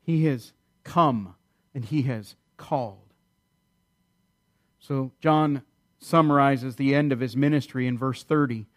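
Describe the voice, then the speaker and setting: A man preaching a sermon in an earnest, emphatic way, repeating key phrases and slowing down to stress key lines. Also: mid-range voice. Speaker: pastor.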